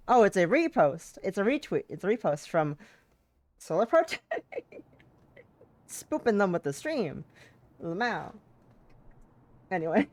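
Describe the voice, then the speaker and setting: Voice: medium pitch, very animated, takes it slowly, long pauses, a little mellow. A streamer reading a visual novel aloud and chatting, self-mocking and laughing often, trying out character voices.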